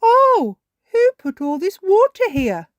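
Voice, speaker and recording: A woman's voice: mid-range voice, expressive, moderate pace, darkish tone, no room sound, studio quality, lightly acted. A woman doing a jolly daddy pig.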